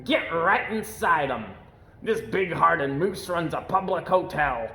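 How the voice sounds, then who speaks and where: A man voicing a pushy, boastful male woodpecker who talks loud and bouncy like a salesman. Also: a little high, lively intonation, slow, exaggerated voice. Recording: echoey room.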